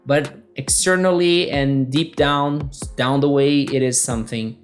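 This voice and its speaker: Man, English teacher, chatty podcast lesson, mid-range voice, soft music underneath. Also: medium pitch, steady tone, a little slow. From Brazil. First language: Portuguese. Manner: conversational, checks in with frequent tag questions.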